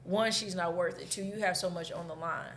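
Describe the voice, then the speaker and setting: A woman's voice: on the low side, steady tone, a little fast, fairly bright tone, a little hiss or hum. A woman in her thirties, a podcast co-host, telling a breakup story candidly in casual chat and swearing freely.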